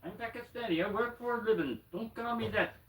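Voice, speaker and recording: A man's voice: sits high, fairly quick, roomy sound, distant mic, very noisy, pitched above the performer's own voice. A man putting on the voice of an offended male shop owner, protesting insistently. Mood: indignant.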